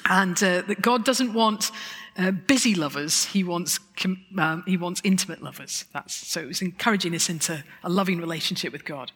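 A woman giving a lively, self-mocking testimony talk, with chuckling asides. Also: lowish voice, moderate pace, husky. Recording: long hall reverb.

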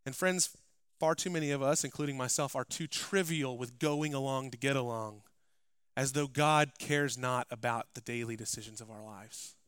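Bright, crisp preaching man. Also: mid-range voice, moderate pace, no room sound, studio quality. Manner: rises to loud, emphatic preaching, then drops to quiet asides. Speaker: pastor. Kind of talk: sermon. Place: church.

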